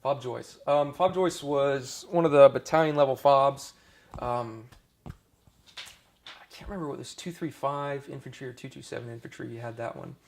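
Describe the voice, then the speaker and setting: A man's voice: mid-range voice, moderate pace, vocal fry, a little hiss or hum. A man in his thirties, a former army dentist, telling his stories in a casual oral history interview, with many restarts and fillers.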